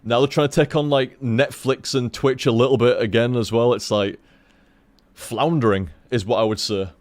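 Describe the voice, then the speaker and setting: A man's voice: mid-range voice, fairly even intonation, moderate pace, darkish tone. A man chatting casually on a game stream, rambling and swearing, tripping over his words.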